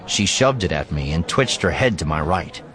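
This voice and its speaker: Man, low voice, lively pitch, dry wry story narration. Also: normal speed, a crowd in the background. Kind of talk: first-person story narration.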